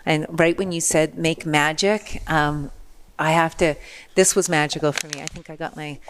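A middle-aged woman, a podcast guest, telling a personal story in an animated way, acting out the people in it. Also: low voice, moderate pace, slight background noise.

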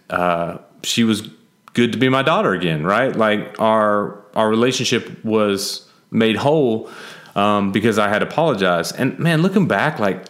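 A man's voice: lowish voice, a bit bright. A man in his thirties, a father, candidly telling a personal story in casual conversation, with frequent "like" fillers.

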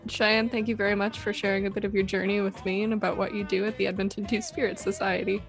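A woman hosting a podcast interview, asking measured, calm questions. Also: mid-range voice, faint music behind. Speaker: podcast host.

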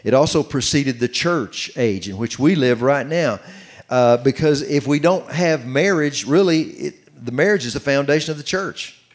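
A middle-aged man preaching on marriage, reading scripture slowly and commenting as he goes. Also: mid-range voice. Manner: earnest, reads scripture slowly with running commentary. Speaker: pastor teaching on marriage. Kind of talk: sermon-style Bible teaching.

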